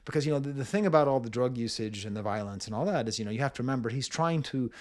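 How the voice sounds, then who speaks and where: A man's voice: medium pitch, racing. A man giving a casual spoken music review, thinking aloud with frequent fillers, restarts and chuckled asides.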